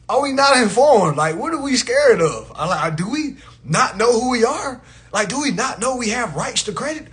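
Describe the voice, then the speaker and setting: A man with a high voice hosts a livestream in a loose, casual rant. His tone is bright and forward, and he talks bluntly, swears freely and mocks people who disagree with him. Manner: blunt, profane, mocking. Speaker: livestream host.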